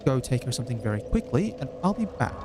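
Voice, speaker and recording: A man's voice: mid-range voice, very animated, fast, heavy background noise. A man giving chatty, wry let's-play commentary on a game as he plays. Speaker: gaming YouTuber.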